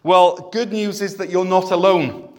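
A man's voice: sits high, steady tone, a little slow, darkish tone. A man preaching a sermon in a church, conversational and self-deprecating, with humor. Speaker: pastor.

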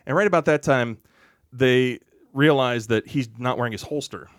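A man on a podcast as a guest, telling a relaxed, chatty anecdote full of asides. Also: mid-range voice, moderate pace, no room sound, clean studio sound. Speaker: podcast guest, actor and stuntman. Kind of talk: casual storytelling on a podcast.

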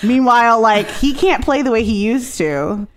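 A woman co-hosting a podcast in casual chat, retelling a film with animated storytelling, quick quoted voices, frequent laughs and casual swearing. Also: a little high. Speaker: podcast co-host.

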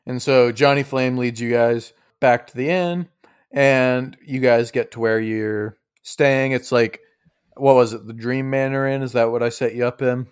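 A man's voice: medium pitch, steady tone, a little slow, smooth. A man in a casual, jokey manner, running a tabletop game as game master. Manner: jokey, laughs often.

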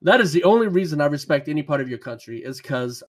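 A man with a fairly high voice, co-hosting a casual podcast. He jokes around and laughs often as he banters with his guests. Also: expressive, quick pace. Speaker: podcast co-host.

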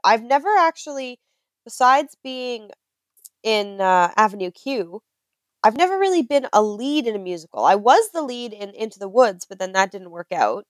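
A woman chatting casually, telling lively stories and acting out other people's voices. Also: a little high, moderate pace, dry recording. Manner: animated storyteller, acts out voices with laughter. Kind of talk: casual chat.

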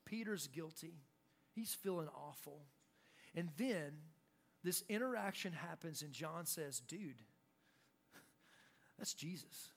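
High-voiced animated male preacher. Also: unhurried, vocal fry. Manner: animated, acts out shouted quotes. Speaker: pastor. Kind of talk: sermon.

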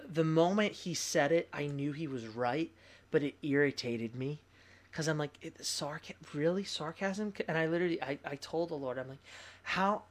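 A young adult man, a pastor, sharing a personal testimony in casual conversation, candid and animated, with fillers and laughs. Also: fairly high pitch.

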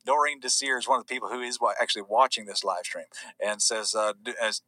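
A man's voice: lowish voice, fairly even intonation, fast talker, pushed and bright, no room sound, poor audio. A man hosting a casual live stream, rambling with fillers and jokes while reading out viewer comments.

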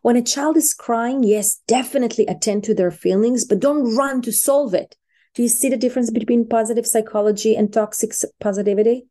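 Middle-aged woman, mellow, slightly high, expressive teacher energy. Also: fairly quick. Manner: animated, acts out parents and babies in quoted voices. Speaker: positive psychology expert, guest. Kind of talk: casual podcast interview.

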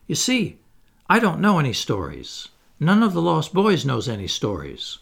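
An eager, boastful boy who flies, put on by a man reading the story aloud. The voice is raised a little above his own, gravelly and husky, and it swings up and down with lively coaxing. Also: a little high, normal speed, pitched above the performer's own voice, exaggerated voice.

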